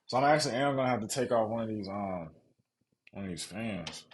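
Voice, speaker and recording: A man's voice: fairly low pitch, lively intonation, a little fast, noisy background. Laid-back Southern man streaming a build. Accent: Southern US, Mississippi. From Mississippi, US South. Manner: laid-back slangy talk, reads chat aloud. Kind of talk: casual live-stream chat to viewers.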